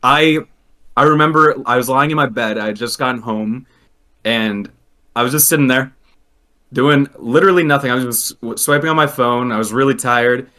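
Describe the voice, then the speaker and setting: A man chatting casually on a podcast, animated and quick to laugh as he tells a story. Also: medium pitch. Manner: animated, laughs often, trails into restarts. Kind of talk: casual hockey chat.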